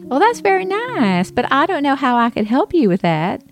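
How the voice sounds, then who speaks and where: A woman voicing a genteel, kind middle-aged Southern woman who talks sweetly and slowly, as if to a child. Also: sits high, big pitch swings, soft background music, pitched above the performer's own voice. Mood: polite, gentle.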